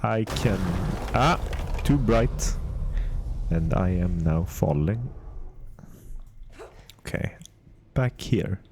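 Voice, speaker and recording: A man putting on a deliberately bad Swedish accent in a whispered role-play ASMR voice, soft and hushed with mock-formal wording. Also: low voice, expressive, slight background noise, heavily acted. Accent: put-on Swedish.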